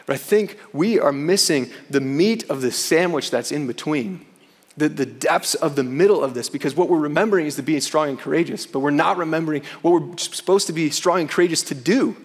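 A man preaching in a church, earnest and conversational, who keeps dropping "man" into his points. His voice sits a little high for a man, and a long reverb trails behind it in the hall. He slows right down when he reads scripture aloud. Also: breathy edge. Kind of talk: sermon.

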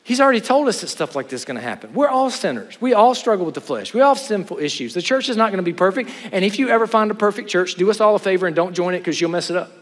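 A middle-aged man preaching a sermon to a chapel audience, animated, with joking asides and rhetorical questions. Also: high-pitched, rapid-fire, few pauses. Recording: hall with long reverb.

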